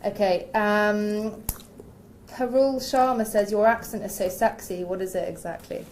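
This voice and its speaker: A woman at an ordinary mid pitch works as an interviewer, reading out fan questions. She teases her guest playfully and laughs often, with faint noise behind her. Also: fairly even intonation, unhurried, darkish tone. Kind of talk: casual interview chat.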